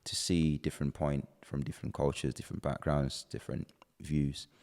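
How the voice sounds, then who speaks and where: Very deep-voiced male podcast host. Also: level tone, moderate pace, a little mellow. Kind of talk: casual chat. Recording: reverberant room.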